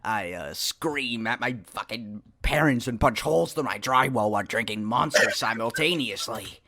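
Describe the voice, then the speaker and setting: A man's voice: medium pitch, expressive, normal speed, bright, forceful tone. A man doing an impression of a male commentary YouTuber, in mock-serious narration that turns into crude jabs.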